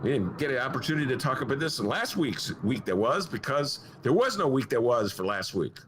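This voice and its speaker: A man's voice: mid-range voice, very animated, a little fast, background noise. A man hosting a podcast in casual chat, rambling through tangents with a self-mocking storyteller's manner. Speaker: podcast host.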